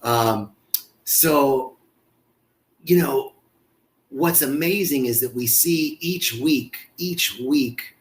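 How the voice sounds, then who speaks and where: A man's voice: medium pitch, very slow, long pauses. A man hosting a live stream in a casual, effusive way, greeting viewers by name and often stumbling over and repeating words.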